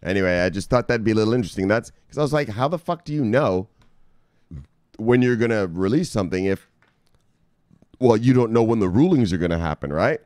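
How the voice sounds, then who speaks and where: A man hosting a casual crypto vlog, talking loosely and with profanity, shouting "bang" as a catchphrase. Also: fairly low pitch, lively intonation, a little fast, no room sound, clean studio sound. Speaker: crypto news host. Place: home studio in South Beach.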